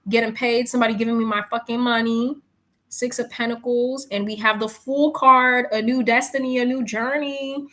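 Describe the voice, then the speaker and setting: A woman doing a casual live tarot reading, chatting, animated and swearing casually. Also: a little high, moderate pace. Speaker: live-stream tarot reader. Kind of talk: casual live-stream chat.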